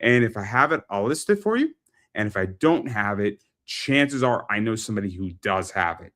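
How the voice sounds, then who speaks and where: A man's voice: on the low side, sing-song, normal speed, a bit bright. A man hosting a pop culture interview show, chatting casually and plugging his store with lots of repetition. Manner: chatty, repeats phrases, salesy plugs. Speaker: podcast host and eBay seller. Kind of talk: casual talk-show chat.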